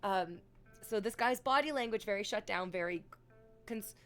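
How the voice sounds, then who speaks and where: A woman's voice: mid-range voice, moderate pace, a bit bright, soft background music. A woman streamer telling long candid stories to her chat, rambling and swearing, with sudden dramatic swells. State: sick.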